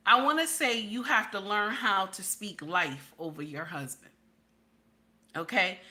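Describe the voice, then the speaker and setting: A woman's voice: medium pitch, pushed and bright. A middle-aged woman giving preachy relationship advice to women viewers, emphatic and repetitive, speaking straight to her listeners.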